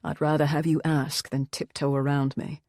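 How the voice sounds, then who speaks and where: A woman voicing a troubled male rockstar who speaks softly in a subdued, confessional tone, in an audiobook. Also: level tone, moderate pace, no echo, studio quality. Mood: gentle. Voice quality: soft, low and subdued. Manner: quiet, confessional. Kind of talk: audiobook character voice.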